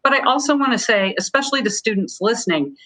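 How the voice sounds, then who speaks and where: A woman presenting a student contest in a webinar, explaining in a warm, encouraging way. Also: a little high, lively intonation, fast, rough recording.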